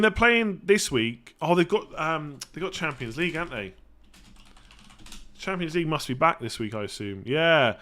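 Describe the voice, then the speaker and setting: A man chats his way through viewers' questions on a live stream, thinking aloud and correcting himself as he goes. His voice sits a little high and sounds bright and forward, and he clears his throat now and then. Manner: chatty, self-correcting, clears throat often. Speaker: fantasy football streamer.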